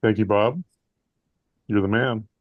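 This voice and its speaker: A man's voice: lowish voice, steady tone, slow pace, dry recording, narrow, tinny audio. A man hosting a networking meeting and introducing speakers with jokes. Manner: jovial, joking. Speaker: meeting host.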